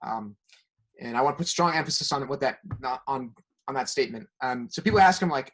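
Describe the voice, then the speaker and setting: A man's voice: mid-range voice, expressive, a little fast, a bit bright. A man co-hosting a casual film podcast, hesitant and self-conscious, with many ums. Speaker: podcast co-host.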